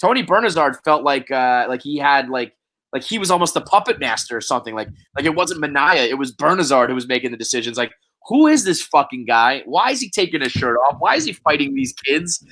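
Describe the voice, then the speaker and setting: A man's voice: medium pitch, very animated, a little fast, bright, forceful tone. A young man co-hosting a sports podcast, talking in a loose, rambling way with frequent restarts and casual swearing. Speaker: podcast co-host.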